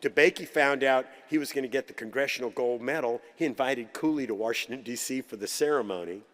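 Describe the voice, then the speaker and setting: A man giving a keynote in a conference hall, with a mid-range voice. He tells stories in a relaxed, humorous, anecdotal way. His voice trails off into a long hall reverb. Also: mid-range voice, fairly quick. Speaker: keynote speaker.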